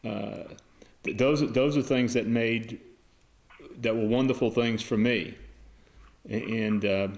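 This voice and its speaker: An older man talks on a phone call, stammering and restarting as he searches for words. His voice is of ordinary pitch for a man. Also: fairly even intonation, slow, vocal fry, long pauses, darkish tone. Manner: hesitant, stammering, emotional restraint.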